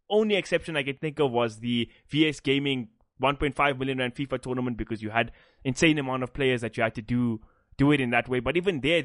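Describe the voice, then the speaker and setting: A man's voice: mid-range voice, a bit bright, dry recording, studio quality. A man from South Africa co-hosting a casual esports podcast, joking and teasing himself. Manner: joking, self-mocking, swears. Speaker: podcast co-host.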